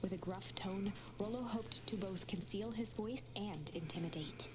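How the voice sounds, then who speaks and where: A woman giving soft, measured, scripted storybook narration for a game. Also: mid-range voice, heavy background noise, lightly acted.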